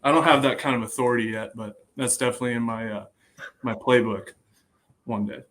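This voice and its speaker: A young man in a relaxed podcast conversation, spinning lively stories at an easy pace. His voice sits in an ordinary middle pitch, and he often trails off and picks his sentences back up as he goes. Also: fairly quick, a little hiss or hum, rough recording. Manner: lively storytelling, trailing off and restarting. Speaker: guest, bullpen catcher. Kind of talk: casual podcast chat.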